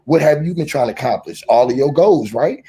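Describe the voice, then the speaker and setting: A man's voice: mid-range voice, lively intonation, a little fast, far from the mic, noisy background. A man ranting to camera in a vlog, boastful, profane and rambling, with heavy emphasis. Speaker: vlogger. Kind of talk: casual rant to camera. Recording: roomy echo, off-mic.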